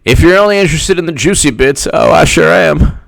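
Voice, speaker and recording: Sarcastic man with a gravelly voice. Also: on the high side, a little fast, no room sound. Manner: sarcastic, mocking, animated. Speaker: political commentator. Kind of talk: reading an article aloud with mocking commentary.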